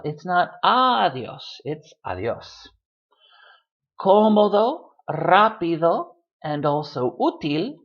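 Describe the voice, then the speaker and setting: A man's voice: on the high side, dull audio. A man giving a video lesson, patiently repeating words to show where the stress falls. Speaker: Spanish tutor.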